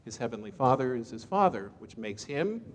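A man's voice: medium pitch, sing-song, a little fast. A man preaching a sermon as an Episcopal priest, telling a Bible story in a casual, conversational way with folksy asides. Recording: long reverb in a church hall.

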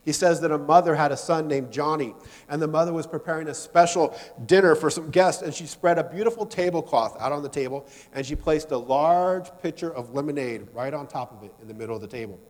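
Male preacher, sermon, storytelling, higher-pitched voice, echoey hall. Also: fairly quick. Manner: storytelling, swings between loud emphasis and soft low asides.

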